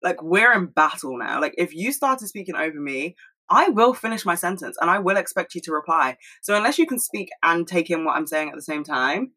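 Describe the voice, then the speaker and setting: Fast-talking woman with a bright voice. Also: fairly low pitch, big pitch swings, husky, rough recording. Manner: fast-talking, candid, swears freely. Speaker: solo video host. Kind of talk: casual solo monologue. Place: at home.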